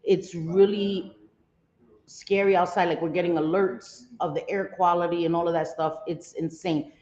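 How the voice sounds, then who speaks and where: A woman's voice: fairly low pitch, steady tone, normal speed, darkish tone. A middle-aged woman hosting a casual livestream from home, chatting and greeting viewers by name. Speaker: livestream host. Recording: slightly dull livestream audio.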